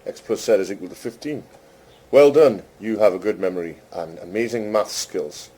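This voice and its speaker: A man casually chatting with an AI assistant, amused and teasing, speaking slowly and carefully to it. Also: lowish voice, expressive, warm tone, breathy edge. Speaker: host testing a voice chatbot. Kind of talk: casual chat with an AI.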